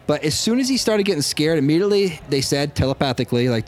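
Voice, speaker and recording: A man's voice: a little high, quick pace, few pauses. A man hosting a podcast, telling a story to his co-hosts in casual chat; he rambles, corrects himself and laughs often. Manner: excitable. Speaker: podcast host.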